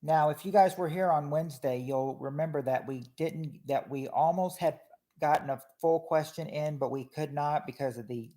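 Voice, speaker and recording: Guy hosting a game night stream, kinda high voice, rambly, keeps restarting sentences. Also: moderate pace, mellow. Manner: chatty, reads chat names, hesitant restarts. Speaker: game show host. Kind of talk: casual livestream game hosting.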